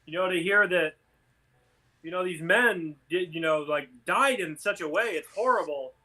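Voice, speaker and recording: Casual male co-host, high and bright voice, rambling joke-teller. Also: normal speed. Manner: rambling storyteller, many fillers. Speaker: podcast co-host. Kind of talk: casual chat, telling jokes.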